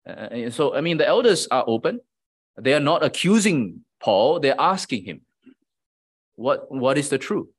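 A man of medium pitch preaches with a sing-song lilt at a moderate pace, teaching in a conversational way. He repeatedly checks that his listeners are following with a quick "right?"

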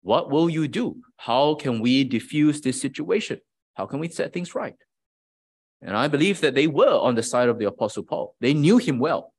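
A man's voice: medium pitch, expressive, normal speed, husky. A man preaching a sermon in a conversational teaching manner, often checking in with his listeners. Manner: conversational teaching with frequent "right?" asides.

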